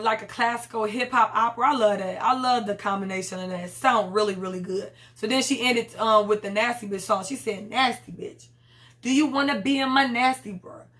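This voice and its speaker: A woman's voice: mid-range voice, a bit bright. A young woman casually recapping a TV episode in a chatty, slangy way, often acting out the characters' lines. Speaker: TV episode reviewer.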